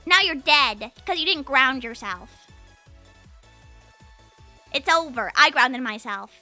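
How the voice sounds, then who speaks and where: Energetic bright-voiced woman streamer. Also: sits high, slow, faint music behind. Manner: energetic, animated, rambling with restarts. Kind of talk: casual live-stream chat. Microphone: studio mic with compressor.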